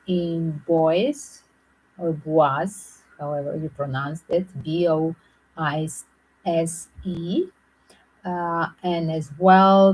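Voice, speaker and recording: A woman hosting her own channel, giving speculative true-crime commentary in a halting way, repeating and restarting phrases as she thinks aloud. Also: lowish voice, breathy edge, poor audio. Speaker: channel host.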